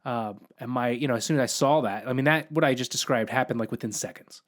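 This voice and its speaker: A man with an ordinary mid-range voice speaks on a casual podcast. He tells stories bluntly and vividly and stays animated throughout. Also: mid-range voice, fast talker. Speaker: podcast host.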